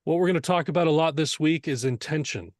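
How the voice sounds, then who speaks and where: A man's voice: fairly high pitch, fast, dry recording, studio quality. A man teaching audio mixing, explaining earnestly and asking rhetorical questions as he goes. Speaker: mixing instructor.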